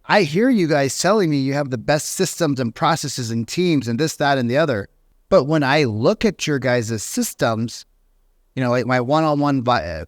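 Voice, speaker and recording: A man talks straight to his listeners like a sales coach, animated and blunt, and keeps slipping into quick mocking impressions of other people. His voice sits at an ordinary middle pitch. The sound is dry and close, with no room echo. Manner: animated, mimics agents and clients in quick bursts. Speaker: real estate sales coach. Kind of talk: casual motivational coaching talk.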